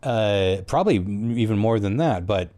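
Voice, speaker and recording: Deep-voiced man, dry close sound. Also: lively intonation, moderate pace, mellow, dry recording. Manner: rambling and chatty, swears, chimes in with jokes. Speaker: podcast co-host. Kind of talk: casual chat.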